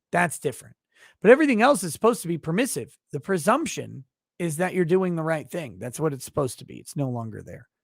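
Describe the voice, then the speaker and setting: A man's voice: fairly high pitch, creaky, a bit bright, no echo, studio quality. A man hosting a live stream, ranting sarcastically with plenty of profanity and rambling asides. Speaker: host.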